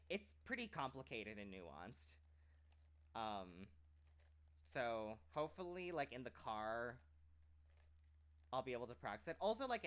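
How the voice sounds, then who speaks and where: A man's voice: medium pitch, a bit bright. A man who streams and trains as a voice actor, chatting casually and rambling, with many "like" fillers and restarts. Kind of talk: casual chat.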